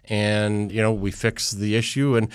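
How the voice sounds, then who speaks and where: A man from an IT firm talks as a guest in a relaxed way, poking fun at himself as he goes. His voice sits low, and the studio sound is dry. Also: a little slow, smooth, dry recording. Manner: affable, self-deprecating, with frequent restarts. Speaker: IT company executive guest. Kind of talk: casual radio interview.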